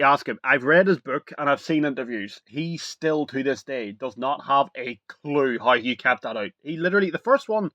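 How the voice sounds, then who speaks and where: Rambling, excitable young man reviewing on camera. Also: medium pitch, no echo, highs cut off. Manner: rambling and excitable, full of "like" and "literally". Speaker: video reviewer. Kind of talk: casual chat to camera.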